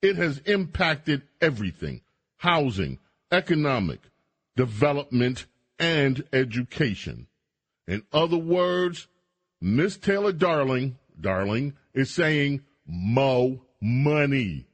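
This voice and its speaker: A man's voice: medium pitch, big pitch swings, slow pace. Sarcastic male radio talk host. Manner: sarcastic, mocking asides.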